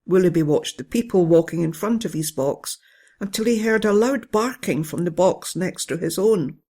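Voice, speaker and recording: A storyteller reading a children's bedtime story in a gentle, steady way. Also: medium pitch, moderate pace. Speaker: narrator.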